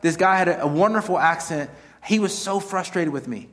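A middle-aged man preaching a sermon in a noticeably high voice. He talks like a pastor chatting with his congregation, slipping from self-deprecating jokes into earnest exhortation. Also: a little fast, fairly bright tone. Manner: conversational, self-mocking humor mixed with earnest exhortation. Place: church sanctuary.

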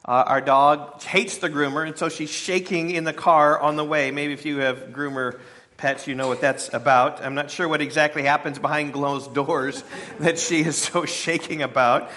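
Bright-voiced male pastor preaching. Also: on the high side, fairly even intonation, moderate pace. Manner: conversational, with fillers and playful asides to the congregation. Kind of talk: sermon.

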